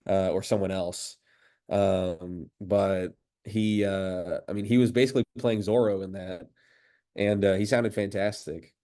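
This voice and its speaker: Low-voiced man, eager interview guest. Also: mellow. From United States. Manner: enthusiastic, admiring. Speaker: voice actor guest. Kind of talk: casual interview chat.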